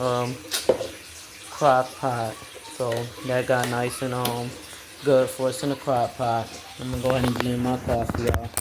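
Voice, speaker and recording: A tired young mother with a drawl rambles through a casual chat with her viewers, full of fillers. Her voice bounces around an echoey kitchen, and a steady noise hums underneath. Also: rumbling low. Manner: rambling, talks to viewers as y'all, lots of fillers. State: tired, yawning. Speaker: vlogger, mom. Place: home kitchen. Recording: echoey room with background noise.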